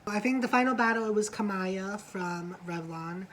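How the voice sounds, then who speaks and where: A woman co-hosting a review show in loose, casual chat. She gossips, swears freely and slips into quoted lines from the cast. Her voice sits at an ordinary middle pitch for a woman, with a faint hiss of noise behind her. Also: moderate pace, rough recording. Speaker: co-host of a reality show review.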